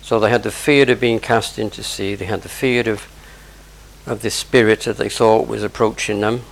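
A man's voice: lowish voice, fairly even intonation, moderate pace, vocal fry, poor audio. A man preaching a sermon, explaining scripture verse by verse with conversational asides.

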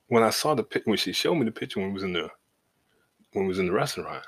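Husky-voiced man, middle-aged, podcast host, low register, casual and profane storytelling. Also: big pitch swings, fast talker, fairly bright tone. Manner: loose and profane, leaning on "you know what I'm saying"; shifts from laid back to heated as the story builds.

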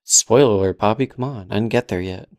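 A man's voice: lowish voice, fast talker, darkish tone, dry recording, studio quality. A young man co-hosting a podcast, recapping a show in a casual, rambling way with lots of fillers and sarcastic quoted asides. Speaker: podcast co-host.

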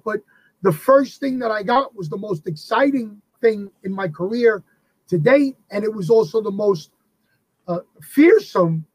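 Husky high-voiced New storyteller. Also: male voice, dry recording, rough recording. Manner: animated, acts out the people he quotes. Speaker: actor guest on a podcast. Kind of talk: casual storytelling.

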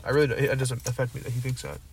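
A man's voice: mid-range voice, level tone, rapid-fire, noisy background. A young man co-hosting a casual podcast, telling a rambling story full of likes and rights, recorded in a car. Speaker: podcast co-host.

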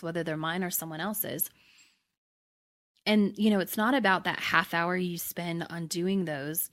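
A middle-aged woman hosting a podcast, explaining manifesting in a casual, conversational way, often checking in with "right?" and restarting her sentences. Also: fairly low pitch. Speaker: podcast host and manifesting coach. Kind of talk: casual teaching monologue.

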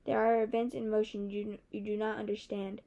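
A woman's voice: mid-range voice, flat delivery, a little fast, warm tone, highs cut off, close to an everyday voice. A woman voicing a sly, menacing snake messenger that hisses its threats in an audiobook. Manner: hissing, threatening.

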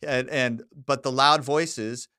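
A man's voice: medium pitch, slow pace, clear, resonant tone, no room sound, clean studio sound. A middle-aged man co-hosting a podcast, telling a story in casual chat and acting out the back-and-forth of what was said. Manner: animated storyteller who acts out quoted exchanges. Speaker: podcast co-host.

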